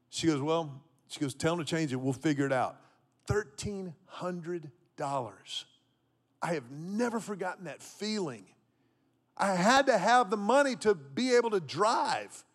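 Storytelling preacher in his fifties. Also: fairly high pitch. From Texas. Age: 50s. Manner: storytelling preacher, repeats key phrases for emphasis. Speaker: pastor. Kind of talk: sermon. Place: church auditorium with congregation.

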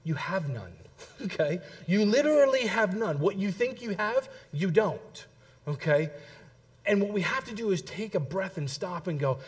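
This middle-aged man's voice is high-pitched and moves at a normal speed. As pastor, he tells a family story during his sermon with lively energy, often turning to the congregation with an "okay?".

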